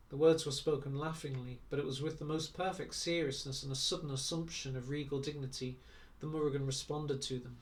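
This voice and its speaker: A man reading a novel aloud in a measured, even way. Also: medium pitch, recorded from a distance. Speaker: audiobook reader.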